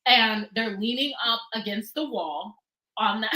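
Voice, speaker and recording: A woman chatting casually on a livestream, animated and quick to laugh, often trailing off and restarting. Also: fairly high pitch, rough recording. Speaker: book blogger and guest co-host.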